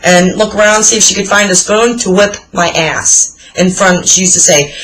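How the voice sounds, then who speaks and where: Talking at a moderate pace with few pauses, this forties-aged woman has a medium-pitched, somewhat bright voice on a rough recording. She's a vlogger doing a tag video, casually telling blunt stories full of swearing.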